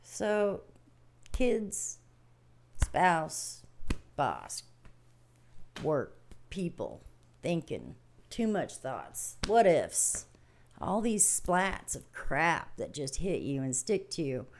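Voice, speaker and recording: A woman's voice: low voice, wildly swooping pitch, drawn-out words, pauses often, a little mellow. An older woman hosting a livestream, talking casually about daily stress and spirit in a folksy, rambling way, acting out small scenes as she goes. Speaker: livestream host. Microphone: home livestream setup.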